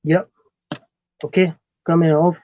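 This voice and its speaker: A man's voice: on the high side, flat delivery, measured pace. A man joining a live debate stream over a call, talking in a slangy, laid-back way. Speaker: debate guest. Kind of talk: casual call-in chat. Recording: tinny phone-like call line.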